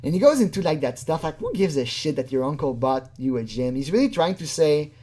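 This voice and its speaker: A host talking casually into a home desk mic, reacting to a clip with scorn and swearing. The voice sits at a middle pitch and keeps jumping up into a high, whiny voice for mocking impressions. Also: lively intonation, a little fast, hardly any pauses, dark tone. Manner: mocking, profane, mimics others in a high whiny voice. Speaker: commentary channel host.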